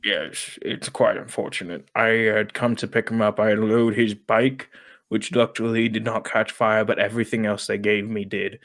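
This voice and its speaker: A man's voice: lowish voice, steady tone, normal speed, fairly bright tone. A man co-hosting a casual podcast, telling a story in a put-on British accent and humming little filler syllables between sentences. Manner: keeps up a mock British voice, hums little "pa pa pa" fillers. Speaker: podcast co-host.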